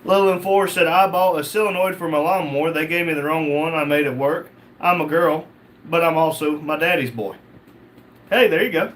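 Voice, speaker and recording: A man's voice: on the high side, moderate pace, a little hiss or hum. A man hosting a casual livestream, reading out chat comments and joking back.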